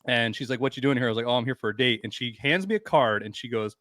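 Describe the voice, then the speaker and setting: A middle-aged man tells crude, animated stories on a podcast and acts out each person's lines as he goes. His voice is pitched at a middle height and recorded dry and close, with no room sound. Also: fast, no echo. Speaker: podcast guest. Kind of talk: casual storytelling chat.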